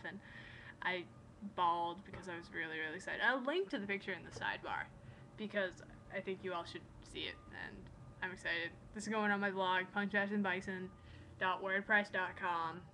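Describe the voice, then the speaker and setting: A young adult woman, vlogging in a rambling, excitable way, sometimes dropping to soft, near-whispered asides. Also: on the low side, moderate pace, a little hiss or hum, rough recording. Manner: excitable, rambling, gushing storyteller who acts out quotes. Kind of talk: casual chat.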